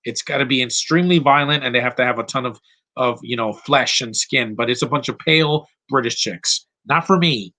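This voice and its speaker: A man's voice: medium pitch, brisk, pushed and bright. A man giving casual live commentary over a movie, blunt and rambling, going off on tangents.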